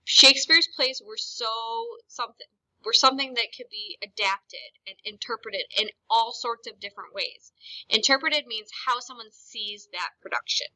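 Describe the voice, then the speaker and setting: A woman's voice: on the high side, normal speed, sharp tone, rough recording. A woman teacher giving a recorded lesson, explaining ideas plainly and speaking straight to her students. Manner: explanatory, addresses students directly.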